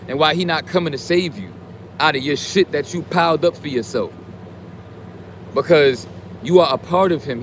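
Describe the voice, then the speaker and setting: A man delivers a casual motivational rant thick with street slang and swearing, swinging from calm preaching to loud, heated outbursts. His voice sits on the high side for a man. Traffic and street noise come through clearly behind him. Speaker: streamer giving motivational talk.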